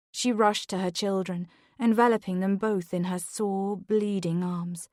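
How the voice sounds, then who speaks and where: A woman narrating a psychological thriller audiobook in a measured, tense, scripted delivery. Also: mid-range voice, fairly even intonation, a little mellow, no echo, clean studio sound.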